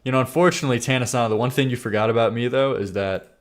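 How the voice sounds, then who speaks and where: Speaking very fast in a medium-pitched voice, a male streamer goes through songs sent in by viewers. He reacts casually with dry sarcasm, laughs on the side and mutters under his breath.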